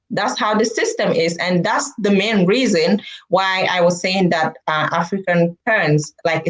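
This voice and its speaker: A woman's voice: on the low side, rough recording. A woman vlogger telling a story and giving her views to camera, acting out the people in it. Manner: animated, acts out quoted people.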